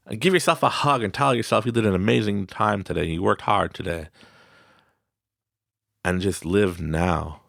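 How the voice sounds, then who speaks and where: Animated gravelly-voiced man, motivational podcast. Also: fairly low pitch, normal speed, no room sound, clean studio sound. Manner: animated, laughs often, acts out quoted voices. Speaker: podcast host. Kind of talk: casual motivational talk. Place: studio.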